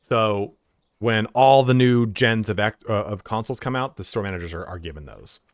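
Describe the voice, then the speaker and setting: A young man chats casually while streaming from home, telling rambling stories full of swearing and filler words. His voice sits fairly low, his pace is moderate, and the recording is dry.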